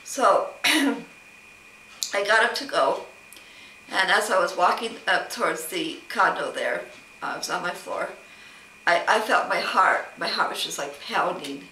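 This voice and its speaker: Bright-voiced woman venting a grievance. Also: lowish voice, animated, unhurried, long pauses, far from the mic, slight background noise. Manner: rambling, aggrieved retelling with many quoted exchanges. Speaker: vlogger. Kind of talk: casual personal storytelling vlog. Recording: roomy, off-mic with faint ambience.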